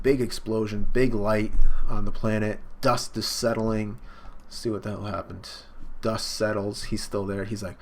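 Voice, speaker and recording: A man casually and excitedly recapping a comic chapter in slangy talk during a live stream, jumping into the characters' lines. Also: on the low side, normal speed. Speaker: online manga reaction host.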